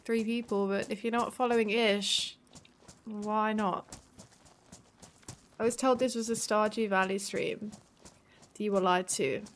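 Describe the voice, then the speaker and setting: A woman's voice: fairly high pitch, slight background noise. Chatty, swearing woman streamer, Midlands accent. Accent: English Midlands. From English Midlands. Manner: chatty, swears freely, laughs often. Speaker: live streamer. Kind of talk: casual live-stream chat.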